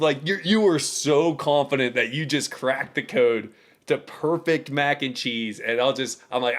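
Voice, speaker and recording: A man's voice: fairly high pitch, measured pace, fairly bright tone. A man co-hosting a podcast in casual chat, telling a story animatedly and teasing his friend. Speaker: podcast co-host.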